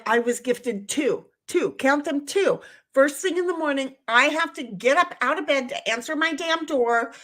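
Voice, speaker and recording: A woman co-hosting a live stream, telling stories in a blunt, profane, animated way from home. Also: sits high. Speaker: co-host of a live-stream talk show. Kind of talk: casual chat, storytelling. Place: home, at a computer.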